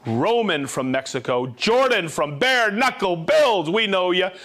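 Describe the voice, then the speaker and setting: A man with a high, bright-sounding voice hosts a live stream in a casual, upbeat manner. He jokes as he greets viewers one after another by name and hometown. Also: lively intonation, a little slow. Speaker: host of a live-streamed tool show.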